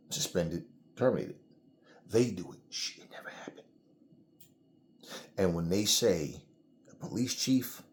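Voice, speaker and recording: Middle-aged male host, low-pitched, angry blunt rant with heavy cursing. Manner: blunt, heated, swears freely. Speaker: channel host. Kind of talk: angry solo commentary.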